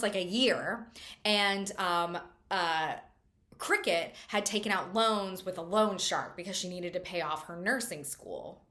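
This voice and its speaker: A woman's voice: mid-range voice, bright, forceful tone. A woman hosting a casual book chat, recapping a novel in a chatty way with lots of fillers and wry asides. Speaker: book reviewer host.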